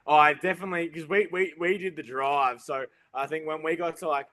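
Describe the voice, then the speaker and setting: Aussie tradesman guest, somewhat high bright voice, halting and full of restarts. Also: steady tone. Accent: Australian, toned down. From Australia. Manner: halting, stop-start, many false starts. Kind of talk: casual interview chat.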